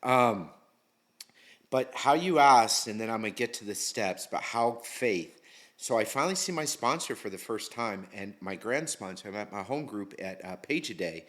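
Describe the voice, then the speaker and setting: A man's voice: on the low side, animated, normal speed, fairly bright tone. Middle-aged man, interview guest; candid, casual storyteller, slangy and profane. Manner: candid, slangy, swears freely.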